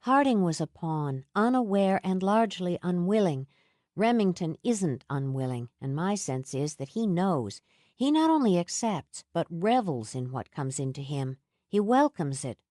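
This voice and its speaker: A woman reads as a poised, confident witch who speaks in measured, deliberate sentences. The tone is low and dry, with expressive storyteller lift on key words in this audiobook. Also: no echo. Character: composed, self-assured woman witch.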